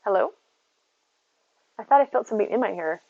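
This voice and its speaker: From her home in the United States, a woman streams and rambles casually, reading viewers' messages and replying to each by name. She speaks a little fast at medium pitch, with lively intonation and vocal fry. The audio sounds narrow and tinny.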